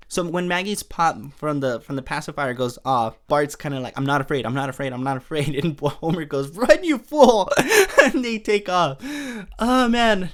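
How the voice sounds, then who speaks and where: Man, slightly higher voice, chatty amused recapper, frequent laughs. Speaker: podcast host. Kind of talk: casual episode recap.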